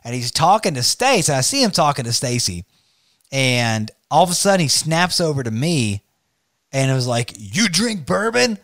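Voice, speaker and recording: A man co-hosting a casual chat, telling a story in a laid-back, slangy, animated way. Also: medium pitch, moderate pace, no echo, studio quality. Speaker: podcast co-host.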